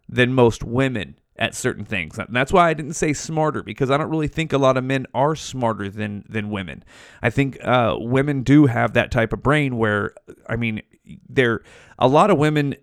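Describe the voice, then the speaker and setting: A man's voice: medium pitch, no room sound, clean studio sound. A man hosting a solo podcast, ranting casually with heavy swearing and rambling tangents. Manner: profane, rambling, goes off on tangents. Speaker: podcast host.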